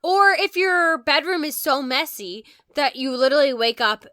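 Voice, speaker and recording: Bright high-voiced woman, lively and candid. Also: normal speed, no room sound, clean studio sound. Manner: lively, candid, swears casually. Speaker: podcast co-host. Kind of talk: casual podcast chat.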